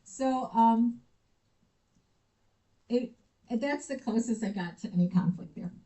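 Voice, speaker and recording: Speaking slowly in a higher voice, an American woman gives a university talk as a visiting researcher, bringing her personal stories to life by acting out what people said. The recording is low quality.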